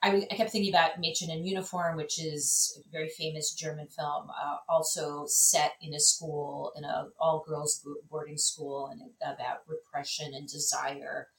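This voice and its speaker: Low-voiced woman, echoey and distant. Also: normal speed, hardly any pauses. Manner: animated, lots of fillers and restarts. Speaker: film critic guest. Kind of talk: casual conversation. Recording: echoey room, distant mic.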